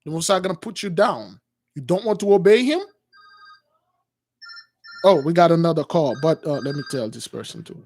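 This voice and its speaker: A man with a notably high voice hosts a religious call-in show. He preaches to his callers in a rambling way, full of fillers. The sound is dry and close, with no room echo. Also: expressive, moderate pace, pauses often, darkish tone. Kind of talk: religious call-in radio talk.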